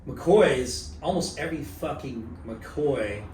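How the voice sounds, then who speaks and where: A man's voice: mid-range voice, takes it slowly. A man co-hosting a podcast, easygoing and casual, dropping swear words as he chats. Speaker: podcast co-host. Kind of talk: casual chat. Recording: roomy echo, distant mic, steady noise.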